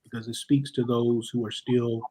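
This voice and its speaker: A man's voice: mid-range voice, moderate pace. A man who is a guest chaplain, telling personal stories in conversation and acting out what people said. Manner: animated storyteller, acts out quotes. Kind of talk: storytelling in conversation.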